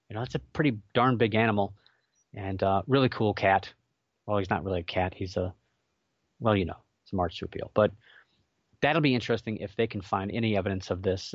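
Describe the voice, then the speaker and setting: Chatty low-voiced man hosting his show. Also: no room sound, dull audio. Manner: chatty, rambling, jokey asides with many fillers. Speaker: podcast host. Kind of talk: casual solo show talk.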